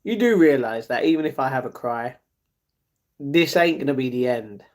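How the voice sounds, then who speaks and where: A man's voice: medium pitch, lively intonation, normal speed, darkish tone. A man, livestreaming and answering chat in a downcast, blunt way. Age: 40s. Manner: downcast, blunt, reads chat messages aloud and answers them.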